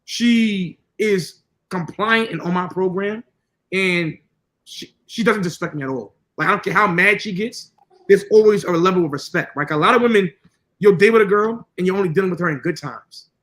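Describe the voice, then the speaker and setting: A man's voice: sits high, moderate pace, fairly bright tone, poor audio. A man co-hosting a podcast, talking casually in a blunt, profane, lecturing way. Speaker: podcast co-host.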